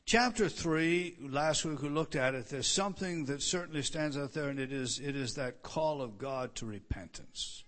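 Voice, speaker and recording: A man's voice: on the high side, moderate pace, hardly any pauses, fairly bright tone. Emphatic man preaching a sermon. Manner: emphatic, repetitive, rising on key words; stammering restarts. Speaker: pastor. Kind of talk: expository sermon.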